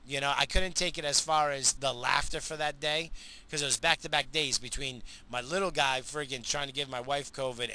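Profane, rambling middle-aged man with a sharp, bright voice. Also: mid-range voice. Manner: profane, rambling, laughing at his own story. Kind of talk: casual storytelling monologue.

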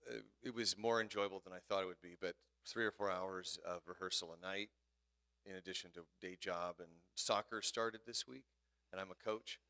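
A man's voice: low voice, fairly even intonation, moderate pace, sharp tone, clean tone, no echo. A tired man bantering dryly and playfully during a church service. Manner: dry, joking, playful.

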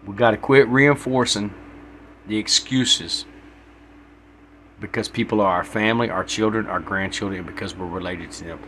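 A man's voice: on the low side, normal speed, fairly bright tone, a little hiss or hum. A man hosting a solo podcast, ranting bluntly with heavy profanity in a preachy tone. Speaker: podcast host.

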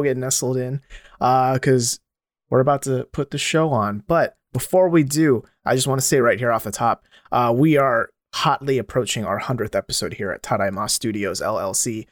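A man's voice: medium pitch, no echo, clean studio sound. A man hosting a casual podcast, upbeat and playful as he opens the show. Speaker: podcast host.

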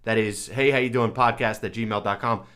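A man hosting a comedy podcast, chatting casually and deadpan as he plays along with a bit. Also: lowish voice, normal speed. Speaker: podcast host.

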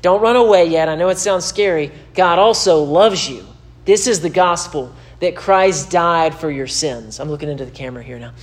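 A man's voice: on the high side, normal speed. A man preaching to camera in a sermon-style teaching, emphatic and repetitive, his voice climbing when he presses a point. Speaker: pastor.

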